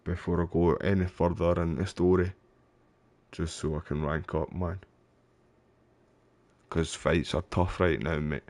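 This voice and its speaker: A man's voice: low voice, little pitch movement, a little slow, pauses often, darkish tone, no echo. A Scottish man streaming a game live, chatting away and getting frustrated, calling his viewers mate and bro. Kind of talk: live gameplay commentary.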